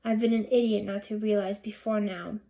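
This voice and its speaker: A woman reading the lines of a fussy, scatterbrained but caring mother in a storybook, in a brisk, bustling way. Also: mid-range voice, level tone, warm tone, lightly acted. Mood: gentle. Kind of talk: audiobook reading.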